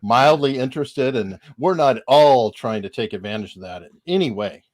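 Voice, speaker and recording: A man co-hosting a live stream, chuckling and making dry teasing remarks between filler pauses. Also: mid-range voice, expressive, no echo. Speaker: podcast co-host. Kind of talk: casual live-stream chat.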